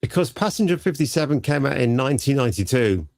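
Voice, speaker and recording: A man's voice: mid-range voice, expressive, fast talker, a little mellow, no echo, studio quality. A man from England, a panel guest who talks keenly and reels off film titles. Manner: enthusiastic, listing films. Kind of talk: casual panel chat.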